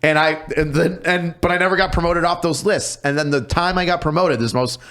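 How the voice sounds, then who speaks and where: A man, a police officer guest on a podcast, telling stories casually with lots of swearing and quick impressions of other people. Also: on the high side. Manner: profane, animated, mimics people in his stories. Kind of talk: casual storytelling.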